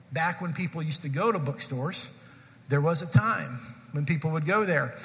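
Probably in his forties, a male pastor tells his congregation a humorous personal story during a sermon in a church sanctuary. His high voice is bright and forceful, carried by long hall reverb.

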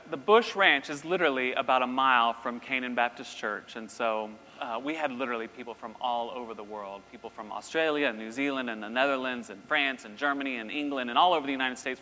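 A middle-aged man telling a lively story in a sermon, acting out voices as he goes. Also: mid-range voice. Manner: animated, acts out voices in his story. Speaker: university president giving a talk. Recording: long reverb in a hall, faint ambience.

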